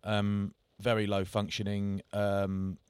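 A man's voice: lowish voice, completely flat delivery, slow pace, darkish tone, clean tone, no echo. A middle-aged man co-hosting a podcast, telling self-mocking stories in casual chat. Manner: jokey storytelling, self-mocking. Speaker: podcast co-host.

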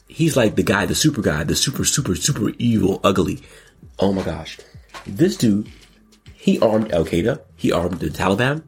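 A man hosting a casual commentary show, excitable and jokey, breaking into sudden squeals and exclamations. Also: fairly low pitch, slightly rough. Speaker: podcast host.

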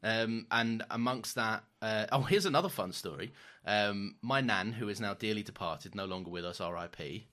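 A man's voice: lowish voice, normal speed, hardly any pauses, sharp tone. A man co-hosting a podcast, telling rambling stories with casual swearing and frequent laughs. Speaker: podcast co-host. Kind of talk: casual chat.

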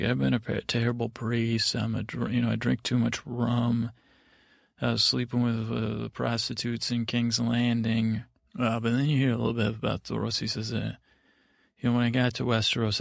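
Man, podcast host, flat droning delivery, dry close sound, drowsy rambling recap. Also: medium pitch, vocal fry, no echo. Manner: meandering, drowsy, lots of fillers and asides.

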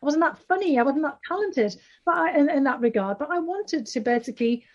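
A woman's voice: high-pitched, animated, fairly quick. Rambling Northeast English woman, lo-fi line. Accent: Northeast England. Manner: rambling, many fillers and restarts. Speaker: author guest. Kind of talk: remote interview answers.

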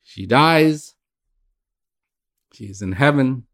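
A man's voice: medium pitch, lively intonation, very slow, a bit bright. An older man telling a parable and reflecting, with frequent restarts. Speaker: speaker and podcast host. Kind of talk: storytelling talk on inner life.

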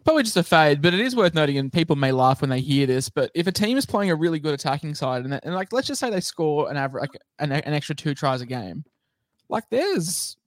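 A man's voice: fairly high pitch, very animated, fairly quick, no echo. Chatty man reeling off stats, dry sound. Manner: chatty, stat-heavy, filler-laden. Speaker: fantasy rugby league co-host. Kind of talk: casual podcast analysis.

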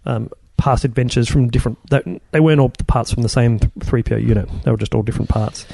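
A man's voice: medium pitch, fairly even intonation, fast, gravelly, mellow, no room sound. A middle-aged man, a guest in a casual interview, rambling with many restarts as he recalls his work. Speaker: guest, film puppet and props builder.

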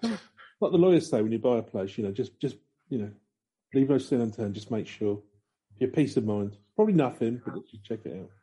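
Husky, sardonic male podcast co-host. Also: mid-range voice, expressive, a little fast, dark tone. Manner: sardonic, wry storytelling. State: slight frog in throat. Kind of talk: casual banter.

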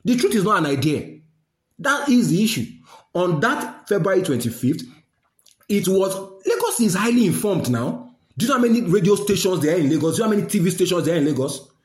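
Nigerian guy ranting mad, high voice, mixing in pidgin, echoey room. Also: big pitch swings, a little fast. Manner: indignant, scolding, mixes Pidgin phrases. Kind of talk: angry political rant.

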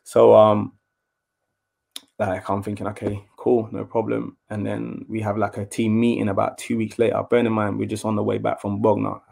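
Young man, casual storyteller, lively and chatty, a former footballer's interview voice. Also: fairly low pitch, moderate pace, vocal fry. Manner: animated storyteller, acts out quotes in a raised voice.

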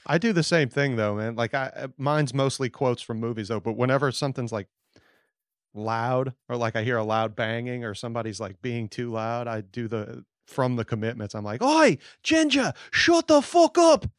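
A male podcast host with a mid-pitched voice chats loosely and swears freely. His sentences often trail off into quiet mumbles. The mic is close and the sound is dry. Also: fairly even intonation, fairly quick, dry recording. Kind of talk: casual podcast chat.

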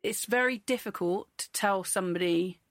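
A woman's voice: medium pitch, normal speed, dry recording, studio quality. A frank woman in her forties with a Cotswolds accent, a comedian chatting candidly and rambling through restarts as an interview guest. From the Cotswolds, England. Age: 40s. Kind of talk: candid casual chat.

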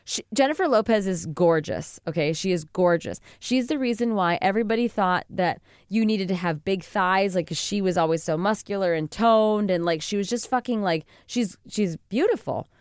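A woman co-hosting a podcast in casual chat, animated and swearing, acting out the people she quotes. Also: medium pitch, moderate pace, few pauses, clear, resonant tone, no echo, clean studio sound. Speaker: podcast co-host.

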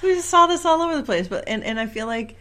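A woman in her forties co-hosting a casual podcast, chatty and quick to giggle. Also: on the high side, lively intonation, background noise. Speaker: podcast co-host. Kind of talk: casual rewatch podcast chat.

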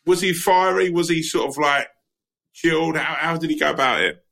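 Bright-voiced podcast host. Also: male voice, a little high, gravelly. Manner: curious, quick to laugh. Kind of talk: casual interview questions.

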